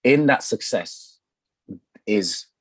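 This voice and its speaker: Deep husky London man, laid-back chat. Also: animated, drawn-out words, fairly bright tone, dry recording. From North London, England. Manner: laid-back, lots of fillers and repeated starts, laughs often. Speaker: podcast guest, songwriter and producer. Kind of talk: casual conversation.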